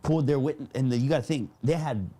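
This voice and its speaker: A man casually telling a story on a podcast, animated and slangy, often laughing as he talks. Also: medium pitch, quick pace. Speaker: podcast guest.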